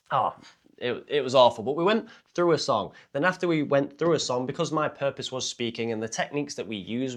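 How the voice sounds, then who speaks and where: A man, a speaking coach, talking straight to camera in a blunt, self-mocking way and swearing casually. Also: medium pitch. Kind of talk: casual direct-to-camera talk.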